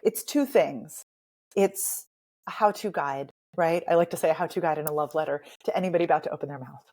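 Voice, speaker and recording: A woman dialect coach and author talking as a guest in a podcast interview, animated and emphatic, with playful asides. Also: sits low, brisk.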